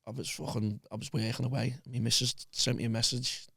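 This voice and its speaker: A man with a Liverpool accent tells a story to his podcast hosts, swearing freely and slipping into the voices of people he quotes. His voice has a gravelly, rough texture. The room sounds dry and close, with no echo. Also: mid-range voice, flat delivery, brisk, bright, forceful tone. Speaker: podcast guest. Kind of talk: casual storytelling chat.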